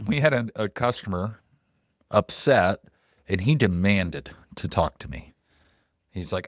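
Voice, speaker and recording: A middle-aged man with a lowish voice hosts a podcast in loose, animated chat. He swears now and then and leans hard on "like". The sound is dry and close, with no room around it. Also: measured pace, long pauses, no echo. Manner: loose, animated and profane, heavy on "like" fillers. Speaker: podcast co-host.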